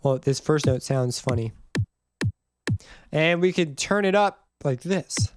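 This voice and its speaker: A man giving a casual music theory lesson, rambling and correcting himself as he goes, and humming the notes out loud. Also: on the high side, lively intonation, takes it slowly. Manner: rambling, self-correcting, hums and counts notes aloud. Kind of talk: casual screen-recorded tutorial.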